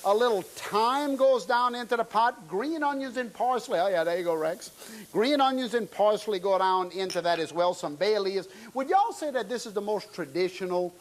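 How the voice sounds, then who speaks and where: Middle-aged south louisiana guy cooking on tv, chatty, lots of y'alls, highish voice. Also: lively intonation, moderate pace. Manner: folksy, chatty, addresses audience as y'all. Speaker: TV cooking show chef. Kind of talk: cooking demonstration.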